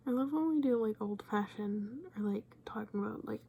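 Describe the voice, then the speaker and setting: Gravelly young woman, half-whispered rambling. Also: mid-range voice, a little fast, warm tone. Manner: rambling, often drops to a whisper. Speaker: viewer commenting on a video. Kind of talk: casual reaction commentary.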